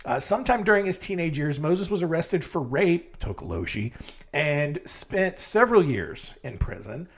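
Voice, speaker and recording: Animated, rambling comedy podcast host man. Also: normal speed, breathy edge. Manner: rambling, self-mocking, with sudden jumps in pitch. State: sleepy. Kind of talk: comedic true-crime monologue.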